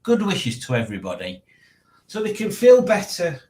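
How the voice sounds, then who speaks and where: A man's voice: high-pitched, wildly swooping pitch, normal speed, dark tone. A man hosting a casual livestream, rambling and chuckling to himself as he reads out chat messages. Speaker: livestream host. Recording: echoey room.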